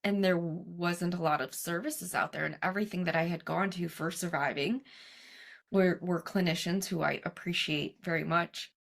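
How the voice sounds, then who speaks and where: A woman's voice: on the low side, steady tone, normal speed, gravelly. A young adult woman, a guest on an interview show, telling her story casually and animatedly, acting out what others said and laughing often. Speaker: guest, cancer survivor and coach.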